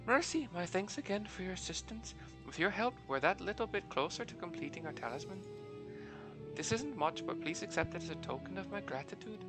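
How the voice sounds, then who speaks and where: A man's voice: sits high, lively intonation, fairly quick, music in the background, pitched above the performer's own voice. A man reading a polite, grateful quest-giver's lines in a raised voice.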